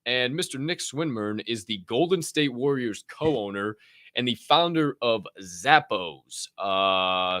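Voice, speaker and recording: Man, podcast host, lively swinging pitch, dry close sound, joking and cursing. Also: no echo. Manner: animated, joking, profane; reads items aloud with asides. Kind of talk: casual news commentary.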